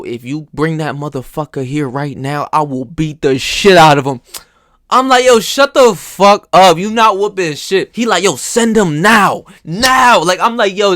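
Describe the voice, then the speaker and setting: A young man telling casual stories in a slangy, profane, animated way. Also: medium pitch, no room sound, studio quality. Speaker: host. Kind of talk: casual storytelling monologue.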